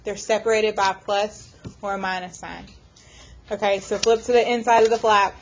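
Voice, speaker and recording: A woman math teacher lecturing her class, firing off quick questions to the students. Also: mid-range voice, level tone, highs cut off, slight background noise.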